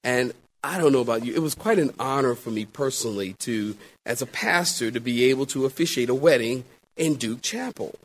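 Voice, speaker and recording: A middle-aged man, a pastor, preaching a sermon and telling a story, swinging between loud exclamations and hushed asides. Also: mid-range voice, fairly quick.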